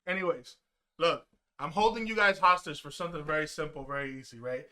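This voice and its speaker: Sharp-voiced, loud, animated male streamer. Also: fairly high pitch, quick pace. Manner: loud, animated and profane, swinging into yelling. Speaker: streamer reacting to chat. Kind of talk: casual live-stream chat and storytelling.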